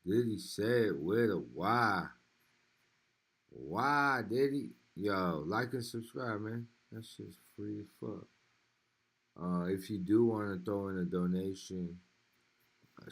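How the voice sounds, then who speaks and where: A man's voice: sits low, darkish tone. A man hosting a live reaction stream, talking loosely and swearing between clips. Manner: laid-back, laughing, swearing asides.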